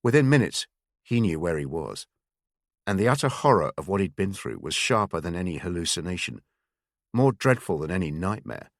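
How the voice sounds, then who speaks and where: A man narrating a thriller audiobook in a measured, expressive way. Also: low voice, no echo, studio quality. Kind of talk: scripted narration.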